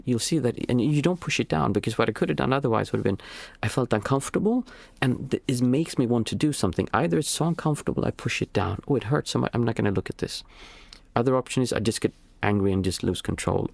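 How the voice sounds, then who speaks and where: A man, a father of young children, giving a reflective spiritual talk as a meditation teacher, halting and repeating words as he searches for terms. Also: mid-range voice, gravelly, dry recording.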